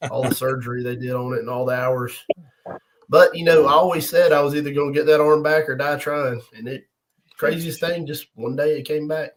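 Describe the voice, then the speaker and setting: A man's voice: a little high, fairly even intonation, fairly quick, slight background noise, rough recording. A middle-aged man, a guest arm wrestler, chatting casually and telling stories with easy chuckles and restarts. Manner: laid-back storyteller with frequent chuckles and restarts. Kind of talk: casual podcast chat.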